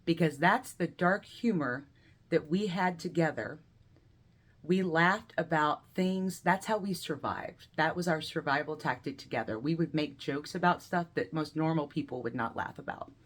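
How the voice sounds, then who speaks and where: A woman of around forty with a fairly low voice tells a personal story over a video call. She acts out the people in it and swings between bursts of laughter and soft, heavy moments. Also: moderate pace. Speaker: guest speaker sharing a personal story.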